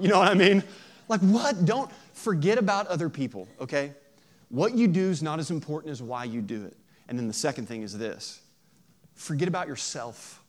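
A man preaching a sermon in a lively, joking way, acting out quoted voices. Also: on the high side. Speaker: pastor.

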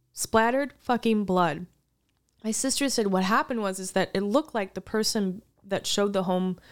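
A woman chatting casually on a podcast, telling a story with lots of "like" and acted-out quotes. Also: mid-range voice. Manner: animated storyteller, acts out quoted voices, frequent "like". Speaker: podcast co-host. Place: lives in Hollywood.

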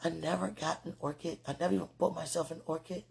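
Husky, gravelly woman speaking tenderly. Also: low voice, fairly even intonation, fast talker, a little mellow. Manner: affectionate, rambling, laughs often. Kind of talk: casual spoken message to a loved one.

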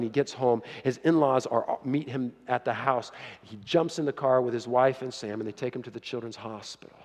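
A man retelling a life story from a book in a casual, earnest way, with halting restarts. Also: mid-range voice, long reverb tail. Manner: earnest, halting with restarts, quieter at grave moments. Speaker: speaker sharing a book story.

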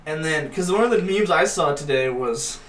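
Podcast co-host, male, a bit high, profane banter, roomy echo, off-mic with faint hiss. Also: animated, normal speed. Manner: swears a lot, laughs often. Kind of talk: casual crude banter. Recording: echoey room, distant mic, faint hiss.

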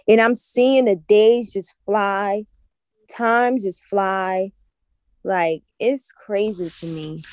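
A young woman earnestly recounting a vision in halting, repetitive casual speech. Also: medium pitch, no echo. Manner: earnest, halting, repeats herself. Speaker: guest sharing a vision. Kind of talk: casual testimony.

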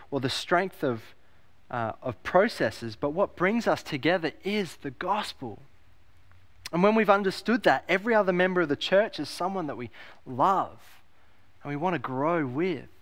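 A man preaching with emphasis, his voice sitting a little higher than most men's. He repeats key phrases and asks the congregation rhetorical questions, lifting his voice on quoted lines. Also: a bit bright. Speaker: pastor. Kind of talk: sermon.

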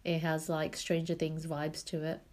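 A woman's voice: deep voice, completely flat delivery, normal speed, darkish tone. A young woman with a cold, chatting casually as a podcast co-host, stuffy and laughing at herself. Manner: chatty, laughing, self-mocking. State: congested, sick with a cold. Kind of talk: casual chat.

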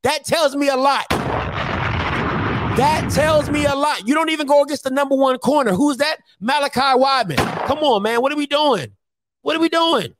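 A man on a sports talk show, arguing his point insistently and repeating himself for emphasis. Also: very high-pitched. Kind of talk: heated sports debate.

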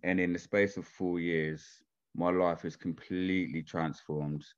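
A man's voice: sits low, level tone, unhurried, clear, resonant tone, muffled recording. A man, chatting casually as a podcast guest and telling stories informally and with animation. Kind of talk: casual chat.

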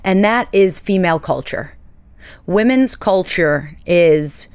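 A woman's voice: fairly low pitch, lively intonation, slow pace, a little mellow, smooth. A woman in her thirties hosting a podcast, telling a story in a chatty, dramatic way and acting out the people in it. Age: 30s. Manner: chatty, dramatic, acts out quoted voices. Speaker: podcast host. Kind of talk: casual solo podcast storytelling.

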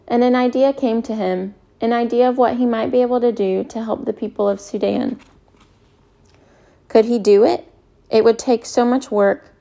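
A woman narrates a novel in a calm, measured way. Her voice is mellow and dark, with a gravelly edge of fry. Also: on the high side. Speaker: audiobook narrator. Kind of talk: scripted narration.

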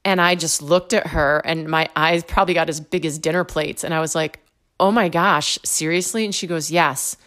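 A woman telling a personal faith story with animated storytelling, acting out both sides of the dialogue. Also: low voice, brisk, hardly any pauses.

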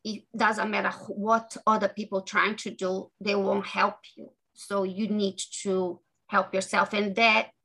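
A woman author talking earnestly as an interview guest, halting and restarting her sentences often. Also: mid-range voice, flat delivery, bright, forceful tone, rough recording. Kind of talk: podcast interview conversation.

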